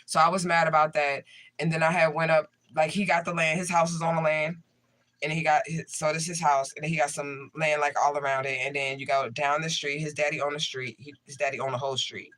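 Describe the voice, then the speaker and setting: A man's voice: fairly high pitch, flat delivery, a little fast, bright, forceful tone. A man, a tarot reader, chatting casually and profanely to his livestream viewers.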